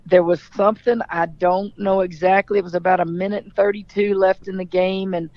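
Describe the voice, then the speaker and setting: A woman's voice: mid-range voice, steady tone, brisk, no room sound, muffled recording. A middle-aged woman from Louisiana, a basketball coach answering interview questions in a forthright, storytelling manner.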